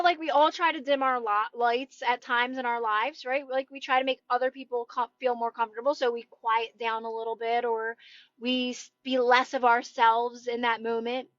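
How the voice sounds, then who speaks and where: A woman coaching viewers in a casual live-stream chat, talking loudly and emphatically in a reassuring way. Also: on the high side, no echo, muffled recording. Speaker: manifestation coach. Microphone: phone.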